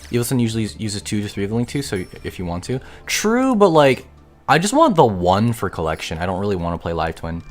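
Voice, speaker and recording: Young man, streamer, live gaming chatter, excitable, grumbling, swears casually, low-pitched voice, faint background music. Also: fast talker. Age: young adult.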